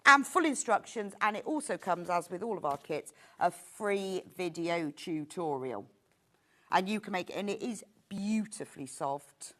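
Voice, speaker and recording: A woman's voice: on the low side, animated, unhurried, fairly bright tone. A middle-aged woman presenting sewing kits on a live shopping show, chatty and gushing. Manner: chatty and enthusiastic, gushing over products.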